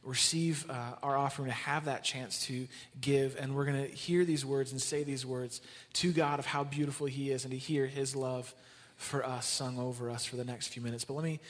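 A man pastor speaking gently and earnestly as he leads into worship and prayer. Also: medium pitch, fairly even intonation, moderate pace, hardly any pauses, in a large hall. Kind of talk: sermon.

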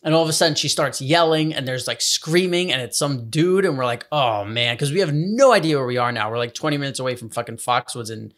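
A man's voice: medium pitch, fast, hardly any pauses, fairly bright tone. A young man telling a rambling, swear-filled story in casual chat. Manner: rambling anecdote, swearing, laughs often.

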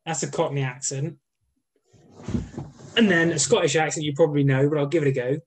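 A man's voice: fairly high pitch, fairly even intonation, fairly quick, long pauses. A man co-hosting a podcast in casual chat, joking and swearing casually. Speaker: podcast co-host.

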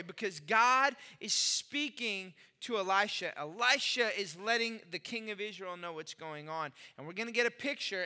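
Bright, high-voiced man preaching a sermon. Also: big-room sound. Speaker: pastor.

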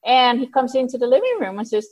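A woman casually telling a personal story out loud, animated, laughing often and acting out the lines she quotes. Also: a little high, quick pace, rough recording. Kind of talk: casual spoken anecdote.

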